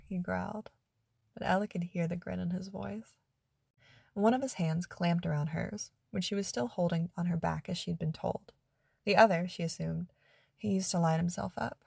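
A woman narrating an adult story in a soft, hushed, intimate reading. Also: on the low side, steady tone, normal speed, creaky, no echo.

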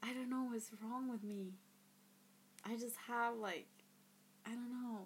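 A woman recording role-play outtakes, giggly and breaking into laughter, sometimes dropping to a soft whisper. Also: fairly high pitch, fairly even intonation, a little slow, very noisy.

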